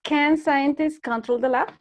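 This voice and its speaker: A woman's voice: high-pitched, steady tone, normal speed. Hesitant female language student. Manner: hesitant, careful learner. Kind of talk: classroom practice dialogue.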